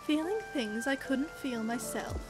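Game scene: a woman reading a young doe, soft and confiding, high voice. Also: unhurried, music in the background. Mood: reflective.

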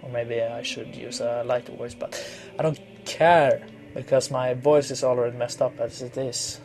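A man's voice: medium pitch, fairly even intonation, normal speed, a little mellow, a little hiss or hum. A man casually commenting while playing a video game, rambling and mumbling asides with crude jokes. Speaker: gamer. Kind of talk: casual let's play commentary. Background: video game music.

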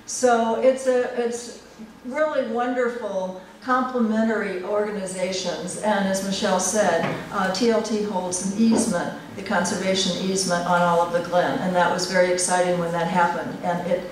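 A woman's voice: medium pitch, steady tone, moderate pace, a little hiss or hum. A woman, a board member, giving chatty informal remarks at a live community event. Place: community hall at a live poetry reading. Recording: echoey hall from far off.

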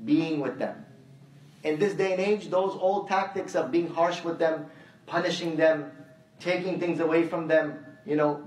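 A male preacher giving a conversational sermon, telling stories and repeating his phrases as he makes his point. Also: fairly high pitch. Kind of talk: sermon with anecdotes. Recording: echoey hall, mic at a distance.

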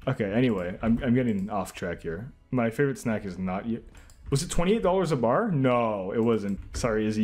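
A man's voice: medium pitch, darkish tone, breathy edge. A young man streaming himself taking online quizzes, reacting with sarcastic, incredulous commentary and laughing asides.

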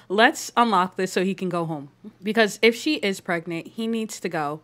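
A woman giving casual, chatty commentary on her life-simulation game, laughing often and voicing her characters' thoughts in quick asides. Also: medium pitch, fairly bright tone. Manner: chatty, giggly, voices her characters playfully. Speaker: gaming YouTuber. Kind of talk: casual Let's Play commentary.

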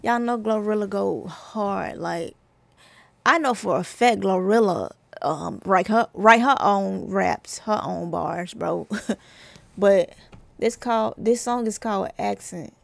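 Raspy young woman hyping a track. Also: mid-range voice, slow pace, no room sound. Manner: hyped, laughing, talks back to the track. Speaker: music reaction vlogger. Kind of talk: casual reaction commentary.

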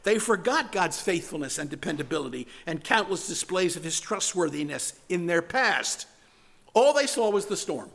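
High-ish male pastor preaching, goes loud then drops to a hush. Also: expressive, moderate pace, vocal fry. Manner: dramatic shifts from loud to hushed, near-whispered words. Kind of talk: sermon.

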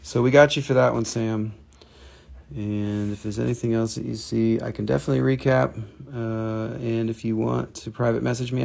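Gravelly Southern man, live sale host, joking and chatty. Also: lowish voice, a little mellow. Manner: joking, chatty, laughs at himself. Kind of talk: live selling chat.

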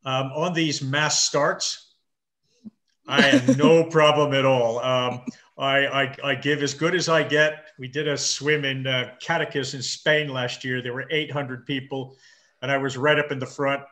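Fifties guy on a video call, halting and dry, kinda bright tense tone. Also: medium pitch, fairly even intonation. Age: 50s. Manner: halting, repeats words, dry understated humor. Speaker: guest, marathon swimmer. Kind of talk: casual interview chat.

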